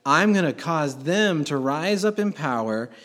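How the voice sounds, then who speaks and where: A man's voice: a little high, lively intonation, unhurried, fairly bright tone. A man preaching a sermon as pastor, talking conversationally and swelling to emphatic bursts.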